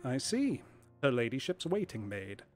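A man voicing a calm, stern male detective who speaks in a low, measured way. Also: faint music behind. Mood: cool.

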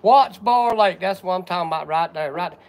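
A man's voice: high voice, a little fast, slight background noise. An older man from Georgia with a Southern accent, folksy and chatty, greeting viewers on a live stream while coughing from sore lungs. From Georgia, USA. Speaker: livestream host. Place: outdoors on a porch work site.

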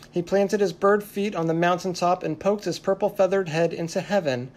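A storyteller reading a children's story aloud in an expressive way at a family service. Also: mid-range voice. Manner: slow, expressive read-aloud.

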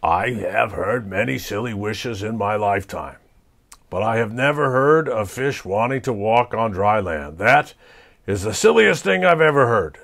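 A man voicing a grumpy, ancient female frog witch in a storybook reading, with a croaking, scolding manner. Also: fairly low pitch, animated, a little slow, a bit bright, exaggerated voice. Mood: scornful.

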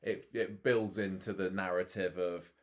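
Low-voiced chatty male podcast co-host. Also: steady tone, unhurried. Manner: chatty, jokey, laughs often. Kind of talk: casual chat recapping a soap.

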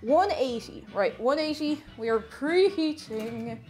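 A woman's voice: high voice, animated, slow, darkish tone, soft background music. Bubbly chatty woman streamer. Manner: bubbly, chatty, repeats her phrases, greets chatters by name. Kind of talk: casual live-stream chat while baking.

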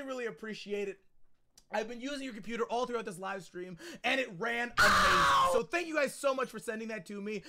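A man streaming a video game live, excitable and loud, chatting with viewers and often repeating his phrases. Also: very high voice. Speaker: gaming streamer. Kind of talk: energetic livestream chat.

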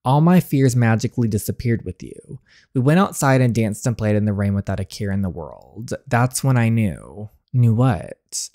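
A man's voice: on the low side, animated, moderate pace, mellow, no echo, clean studio sound. A man reading as a tearful young woman. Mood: tender. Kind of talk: reading game dialogue aloud.

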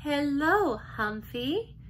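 A woman's voice: high voice, big pitch swings, drawn-out words, a little hiss or hum, exaggerated voice. A woman voicing a timid mother carefully trying out her first English phrases in a storybook. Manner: hesitant, careful.

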